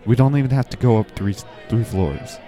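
A man's voice: on the low side, a little fast, dark tone, faint music behind, some chatter behind. A young man performing in an improvised comedy sketch, talking nervously and hesitantly, repeating his words as he stumbles.

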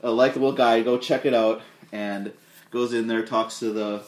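With a medium pitch and normal speed, a man co-hosts a relaxed movie review podcast, animatedly reenacting film scenes and their quotes. An echo from the room can be heard.

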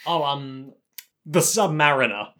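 A man's voice: mid-range voice, measured pace, fairly bright tone. A man hosting a casual podcast, recapping an anime in a rambling way, with a scratchy throat today. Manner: rambling recap, acts out characters' lines. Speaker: podcast host.

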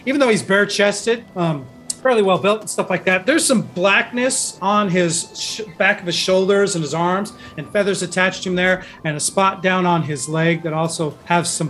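A man's voice: high voice, a bit bright. A man narrating a tabletop role-playing game as game master, describing the scene in a rambling way with lots of ums and restarts. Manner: rambling, many fillers and restarts.

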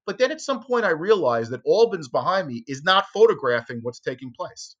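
A man in conversation, recounting a story with lively energy and throwing his voice up high whenever he quotes someone. His audio sounds a bit dull and lo-fi, like a remote call. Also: brisk. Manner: animated, acts out quotes with sharp jumps in pitch. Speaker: interview guest, former tabloid reporter.

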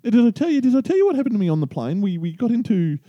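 A man co-hosts a casual podcast, joking and laughing at his own stories. His voice is very dark and mellow but swings widely in pitch. The recording is dry and close. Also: very animated, racing, dry recording, highs cut off. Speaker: podcast co-host. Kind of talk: casual chat.

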